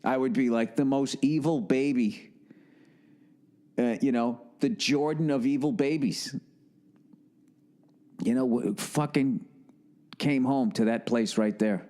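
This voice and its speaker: Profane, rambling comic podcast host. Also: male voice, mid-range voice, slow pace, pauses often, warm tone. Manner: profane, sarcastic, tangent-prone.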